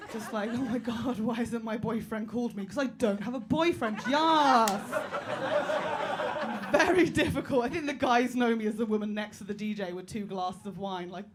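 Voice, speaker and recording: High-voiced woman doing loud stand-up. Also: noisy background. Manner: loud bursts and shouted punchlines. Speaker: stand-up comedian. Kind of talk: stand-up comedy routine. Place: small comedy club. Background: audience laughter.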